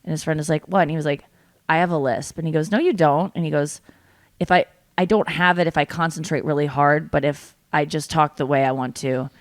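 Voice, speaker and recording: A woman hosting a podcast in casual chat, telling animated stories and acting out other people's voices. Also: sits low, a little fast, no room sound. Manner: animated storyteller, acts out voices. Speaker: podcast host.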